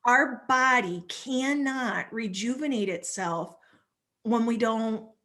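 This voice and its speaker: Animated woman coach, rather high voice. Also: slow. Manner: animated, acts out little voices while explaining. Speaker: family stress coach, guest speaker. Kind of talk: conversational talk.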